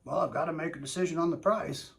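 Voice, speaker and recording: A man's voice: a little high, fast, creaky. A man role-playing a hesitant male sales prospect who hedges about money and price. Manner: hesitant, hedging.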